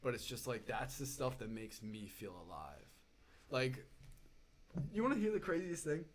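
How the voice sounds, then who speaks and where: A young man swaps stories in loose podcast chat. He talks in bursts, throws in plenty of fillers and "dude", and builds the tale up as he goes. A faint hiss sits under his voice. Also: mid-range voice. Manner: animated, fast-building storyteller with lots of fillers and "dude". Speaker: podcast guest. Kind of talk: casual storytelling chat.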